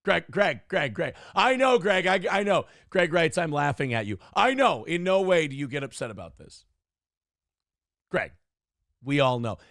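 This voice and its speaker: A man's voice: fairly high pitch, very animated, normal speed, fairly bright tone, no echo, studio quality. A man hosting a morning radio show, reading out chat comments and mocking trolls with sarcasm while asking for donations. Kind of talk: live-stream donation appeal.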